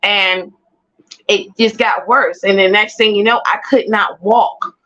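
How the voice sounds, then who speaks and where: A woman telling her personal testimony as an animated storyteller who repeats phrases for emphasis. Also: medium pitch, measured pace, lo-fi sound. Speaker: guest sharing a personal testimony.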